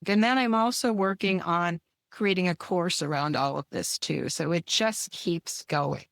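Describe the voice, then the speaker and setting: A woman's voice: fairly low pitch, unhurried, creaky, no room sound. Effusive woman guest, dry close sound. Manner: effusive, enthusiastic, frequent restarts. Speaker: guest author and coach. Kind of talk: casual interview chat.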